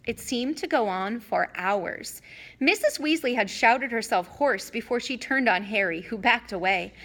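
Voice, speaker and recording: A woman reads a fantasy novel aloud as a storybook narrator. Her voice is fairly high and lively, rising and falling expressively through the sentences. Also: unhurried. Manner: expressive, animated reading. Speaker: audiobook reader.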